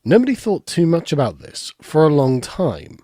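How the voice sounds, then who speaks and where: A man reading a scripted video essay in a measured, formal way. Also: a little high, big pitch swings, mellow, no echo, clean studio sound. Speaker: narrator of a played video essay.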